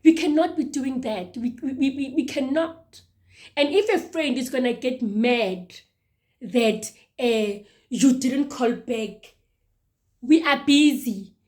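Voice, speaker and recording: A woman's voice: sits high, slow, a little mellow. A woman in her mid-thirties hosting a casual advice monologue, earnest and emphatic, often repeating her words. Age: 30s. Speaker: show host.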